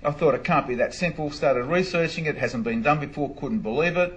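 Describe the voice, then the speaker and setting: A man, a barrister and inventor, telling an animated story in an interview, acting out the dialogue and laughing often. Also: on the high side, a little fast, rough recording.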